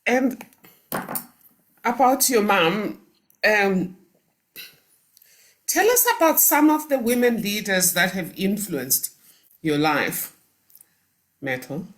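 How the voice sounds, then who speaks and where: Slow-spoken woman interviewer. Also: medium pitch, animated. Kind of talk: interview questions.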